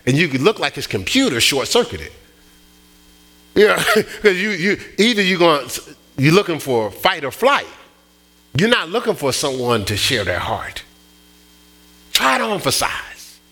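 A middle-aged man preaching a sermon, telling stories in an animated way with many restarts and repeats. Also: fairly high pitch, measured pace, pauses often. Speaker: pastor.

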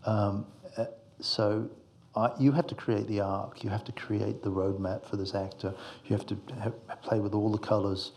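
A man's voice: fairly low pitch, little pitch movement, normal speed, a little mellow. A male screenwriter giving reflective, meandering interview answers, fond of analogies.

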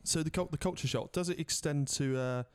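A man's voice: fairly high pitch, clear, resonant tone. A man hosting a casual podcast interview, joking and teasing his guest. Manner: jokey, teasing, fast-talking. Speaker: podcast host.

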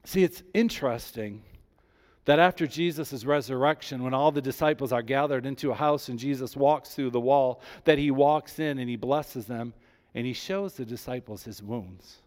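A pastor preaches a sermon at a moderate pace, rising with emphasis and then dropping low and soft whenever he voices God's words.

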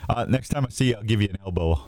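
A man's voice: lowish voice, racing, darkish tone. A man from Missouri hosting a radio show in casual, joking, rambling talk, a little sleep-deprived.

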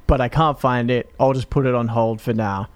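A man's voice: mid-range voice, steady tone, moderate pace, no room sound. A man casually telling stories about a video game, laid-back and laughing along.

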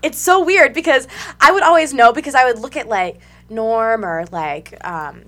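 A young woman telling a story as a guest in a casual radio chat, animated and laughing often, acting out what people said. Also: on the high side, moderate pace. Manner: animated, laughing, acts out quotes.

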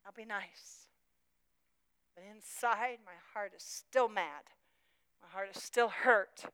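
A woman preaching a sermon, moving between hushed, personal confession and impassioned outbursts. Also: mid-range voice, measured pace, clean tone, no echo, low-quality recording. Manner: emotional, swings from hushed to impassioned.

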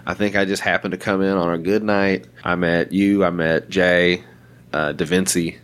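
Low-voiced man, blunt casual podcast host. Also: flat delivery, normal speed, a bit bright, clear, resonant tone. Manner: profane, laughing, blunt. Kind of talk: casual chat.

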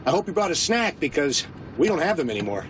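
A wry, bitter airline pilot in a commercial, talking in a smooth announcer voice with a lively, rising and falling pitch. He sounds a little high for a man. Faint traffic noise hums behind him. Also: quick pace. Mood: dry.

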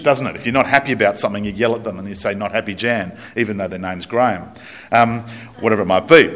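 A man with an Australian accent preaching a sermon to a congregation in a chatty, joking way, slowing down to stress key points. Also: medium pitch, fairly bright tone. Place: church, speaking to a congregation.

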